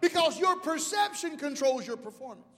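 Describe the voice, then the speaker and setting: A man preaches an animated sermon in a very high voice. His talk runs from easy and conversational to loud, surging climaxes. A long reverb hangs on every phrase, as in a large church sanctuary. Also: normal speed, faint music behind.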